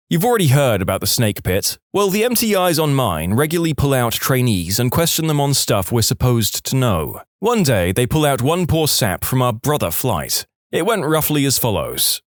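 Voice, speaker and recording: A man reading online stories aloud in an animated storytelling way, recorded close on a studio mic. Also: mid-range voice, no room sound. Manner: animated storytelling, switching into voices. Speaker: narrator.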